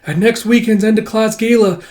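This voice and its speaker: A man voicing a flustered, proud rich young boy who stammers and shouts, in a casual manga read-through. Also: high-pitched, fairly even intonation, fairly quick, pitched above the performer's own voice, close to an everyday voice.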